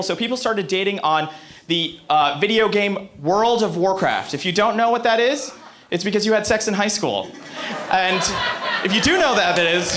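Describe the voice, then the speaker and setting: A brash American man performs stand-up on a comedy club stage. His voice sits high and rings bright and forceful as he swears freely and keeps turning to talk straight to the crowd. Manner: brash, profane, rambling asides to the crowd.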